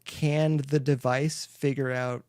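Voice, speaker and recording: A man's voice: medium pitch, flat delivery, takes it slowly, darkish tone, no room sound, studio quality. A man hosting a podcast interview, chatty and rambling, laughing often as he asks questions. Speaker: podcast host. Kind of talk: casual interview chat.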